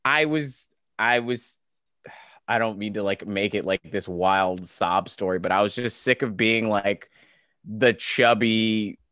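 Midwestern man in his 30s, podcast guest, animated and laughing, slight Southern twang, dry close mic. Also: on the low side, takes it slowly, no echo. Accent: flat Midwestern American, occasional Southern twang. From Kansas, US. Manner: animated storyteller, laughs often, many restarts. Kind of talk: casual podcast conversation.

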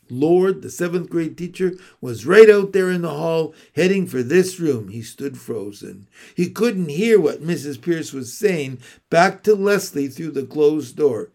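Brief: male audiobook reader, unhurried storytelling, slightly high register. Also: lively intonation, darkish tone. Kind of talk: reading a novel aloud.

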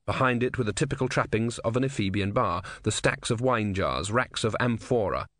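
A man narrating an audiobook in an expressive, wry storytelling manner. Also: on the low side, fairly quick, no echo.

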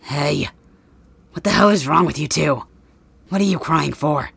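Bakugo: a woman voicing a gruff, wounded young guy. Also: measured pace, no echo, heavily acted. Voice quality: low, hushed and breathy. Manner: curt, insults people. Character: brash injured young male hero, gruff. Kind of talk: whispered role-play.

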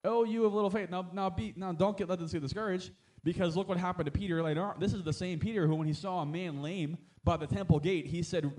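A man's voice: high-pitched, fairly even intonation, fast talker, a little mellow. A man preaching a sermon as a pastor, talking in a conversational way with frequent amens and asides, and rising to emphatic exhortation.

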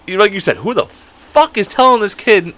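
A man's voice: sits high, big pitch swings, normal speed, fairly bright tone. A young man co-hosting a podcast in casual chat, rambling and profane with lots of fillers. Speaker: podcast co-host.

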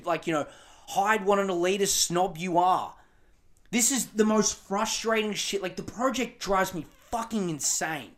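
A man's voice: high-pitched, normal speed, fairly bright tone. A man hosting a podcast, ranting angrily and swearing in exasperation. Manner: angry, profane, exasperated ranting. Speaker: podcast host.

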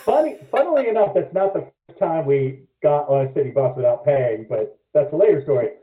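A man telling a story as a podcast guest in casual chat, animated and swearing freely. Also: on the high side, brisk. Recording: echoey, phone-like lo-fi audio.

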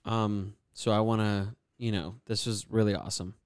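A young man hosting a casual podcast chat, relaxed and rambling with lots of fillers. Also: lowish voice, moderate pace, clear, resonant tone, no room sound, clean studio sound. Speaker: podcast host.

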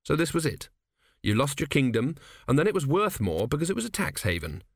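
A man narrating a comic fantasy audiobook in a wry, expressive storytelling manner. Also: fairly high pitch, brisk, dry recording, clean studio sound. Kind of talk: scripted narration.

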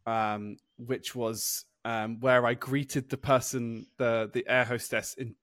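A man's voice: medium pitch, little pitch movement, slow, a bit bright, no echo. A young man from the UK co-hosting a podcast in casual chat, rambling with lots of fillers and restarts. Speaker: podcast co-host.

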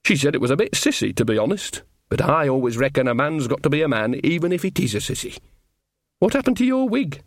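A man's voice: on the high side, big pitch swings, fast talker, no echo, clean studio sound. A man voicing a bawdy, earthy old witch woman who talks bluntly and teases. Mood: chatty, teasing. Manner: blunt, homely, teasing.

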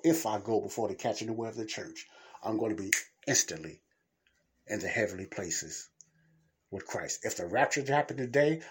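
Husky-voiced blunt preaching man. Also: mid-range voice. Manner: blunt, preachy, plain-spoken. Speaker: podcast host. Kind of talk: casual Christian teaching monologue.

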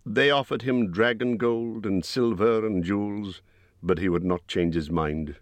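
A man narrating an audiobook in a steady, measured reading. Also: on the low side, dry recording. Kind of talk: scripted narration.

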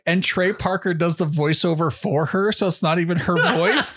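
A man's voice: high-pitched, moderate pace, no room sound. A man co-hosting a podcast, telling a movie story with heavy swearing and acted-out quotes. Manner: animated storyteller, swears a lot, acts out quotes. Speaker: podcast co-host. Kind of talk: casual chat, retelling a movie.

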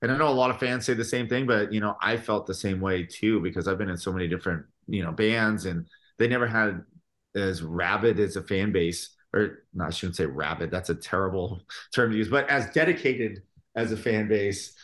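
A man, a guest musician on a podcast, telling stories in an animated, casual way, with lots of filler words. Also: on the low side, fairly quick. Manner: animated storytelling, full of fillers.

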